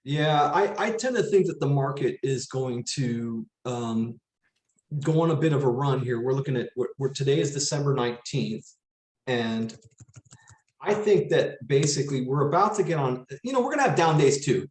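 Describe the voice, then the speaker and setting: A man's voice: mid-range voice, expressive, moderate pace, darkish tone, reverberant. A man from Las Vegas co-hosting a casual market chat, rambling with many restarts. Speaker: co-host.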